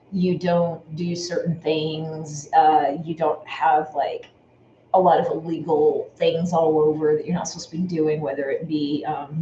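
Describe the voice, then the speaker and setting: A woman hosts a sewing channel live stream, rambling casually and thanking viewers by name as she goes. Her low voice is mellow with the highs cut off, and the room is echoey with faint noise.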